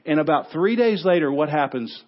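A man pastor preaches a sermon in a fairly high voice. He tells stories with animation, dropping low for points and rising to exclaim. The recording sounds dull and lo-fi. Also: fairly quick. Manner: animated storytelling, shifts from quiet to exclaiming.

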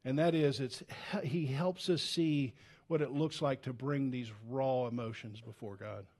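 With a steady tone and a measured pace, a man preaches a church sermon as a pastor. He sounds earnest and conversational, restarts often, and alternates between loud urgency and hushed, low tones.

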